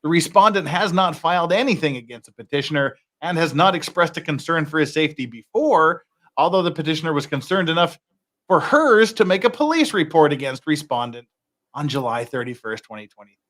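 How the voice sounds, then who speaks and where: Animated wry male podcast host. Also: fairly high pitch, brisk. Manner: wry, reads documents aloud with jokey asides. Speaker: podcast host reading court filings. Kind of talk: casual legal commentary.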